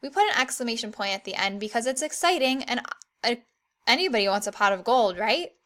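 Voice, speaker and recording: Bright-voiced woman teaching a lesson. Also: a little high, expressive. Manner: clear, encouraging, reads example sentences slowly. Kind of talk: online grammar lesson for children.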